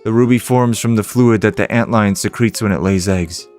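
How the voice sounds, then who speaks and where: Man doing a soft-spoken young prince, game read-along, low voice, faint music. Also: moderate pace, lightly acted. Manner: flat reading of game text aloud.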